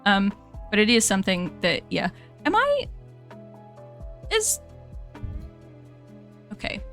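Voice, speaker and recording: A woman's voice: mid-range voice, huge pitch swings, takes it slowly, fairly bright tone, soft background music. A young American woman streamer, chatting casually to her viewers, rambling and laughing and correcting herself as she goes.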